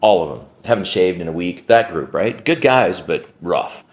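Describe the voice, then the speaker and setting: A man's voice: sits low, animated, normal speed. A man who owns a warehouse business, telling a story to camera in a casual way, full of "like" and "right?" and free swearing.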